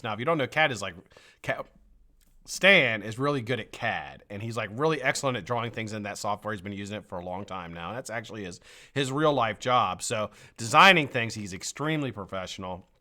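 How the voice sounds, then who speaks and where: A man hosts a live stream, greeting his viewers by name in a bright, forceful voice. His pitch jumps up and down a lot as he talks. He has a frog in his throat. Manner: energetic, greets viewers one by one. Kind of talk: casual live-stream chat.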